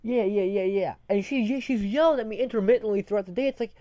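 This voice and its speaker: Talking fast in a high, warm voice, this young podcast co-host rambles through story after story in a casual, profanity-filled rant. The recording is dry, dull and lo-fi.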